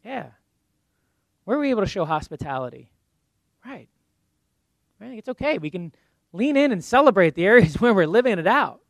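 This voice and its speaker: A man's voice: high-pitched, sing-song, moderate pace, gravelly, pauses often, dry recording. A man preaching a sermon in a conversational way, acting out little asides and ending in prayer. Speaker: pastor.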